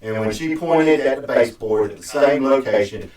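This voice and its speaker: A man's voice: medium pitch, a little mellow. Man telling a story in an echoey room. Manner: rambling, halting, with many restarts and fillers. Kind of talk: casual storytelling. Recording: echoey room, distant mic.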